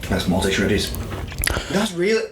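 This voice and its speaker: A man's voice: fairly low pitch, huge pitch swings, a little slow. A man co-hosting a podcast, joking around and swearing freely in casual beer-tasting banter. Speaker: podcast co-host. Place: room, indoors. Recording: echoey room with background noise.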